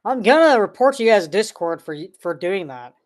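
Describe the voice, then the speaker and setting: A man's voice: high voice, sing-song, brisk. A man on a livestream answering trolls, sarcastic and mocking with fake dismay. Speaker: streamer answering online trolls. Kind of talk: casual livestream talk.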